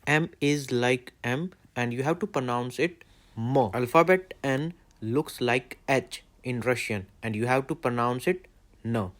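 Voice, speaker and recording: A man's voice: mid-range voice, a little slow, fairly bright tone. A man, a Hindi native speaker, teaching letters in plain step-by-step explanations. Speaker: language teacher. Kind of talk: alphabet lesson.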